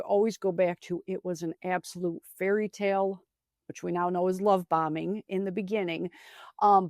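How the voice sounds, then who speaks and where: Low gravelly-voiced woman telling her story. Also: a little mellow, no room sound, clean studio sound. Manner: reflective, many fillers like "you know" and "um". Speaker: podcast guest. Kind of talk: personal storytelling in an interview.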